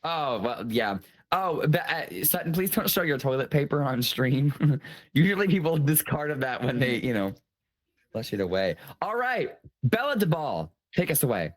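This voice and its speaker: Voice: medium pitch, sing-song, moderate pace. A game show host running a casual online contest, playful and teasing, laughing often, over a video call.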